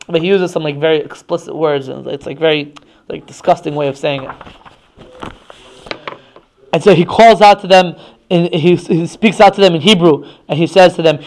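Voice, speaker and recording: Man, religious text class, high voice, casual restarts, checks in with listeners. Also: moderate pace, a little mellow. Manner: conversational, frequent restarts, checks in with "right?". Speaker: religious teacher.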